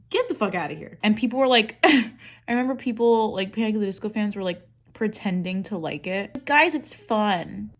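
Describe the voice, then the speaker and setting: A woman chatting casually through her makeup routine, rambling and sarcastic, swearing freely. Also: medium pitch. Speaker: makeup vlogger. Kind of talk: casual get-ready-with-me chat.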